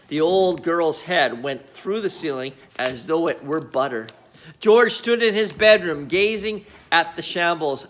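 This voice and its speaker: A man reading a children's storybook aloud in an expressive manner. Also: a little high. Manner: animated, expressive. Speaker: audiobook reader.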